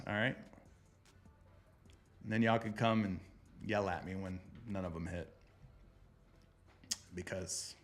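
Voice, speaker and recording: A man's voice: fairly low pitch, fairly even intonation, unhurried, long pauses, fairly bright tone. Joking man talking betting picks. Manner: loose, joking, calls viewers brother. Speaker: sports betting host. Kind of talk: casual betting picks talk.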